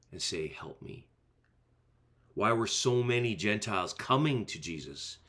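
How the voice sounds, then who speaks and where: A male pastor preaching a sermon in an earnest, emphatic way, driving points home with repeated rhetorical phrases. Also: low voice.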